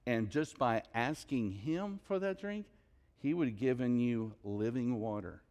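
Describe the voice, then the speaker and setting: A man voicing a calm, patient teacher, speaking gently and unhurriedly. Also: mid-range voice, a little slow, highs cut off, pitched below the performer's own voice, lightly acted. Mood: gentle.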